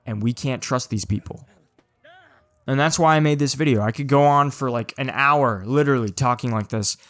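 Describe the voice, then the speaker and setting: A man's voice: mid-range voice, dry recording. A man hosting his own video channel, talking to the camera in an urgent, informal way and often dropping "dude" and "man". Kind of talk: casual monologue to camera.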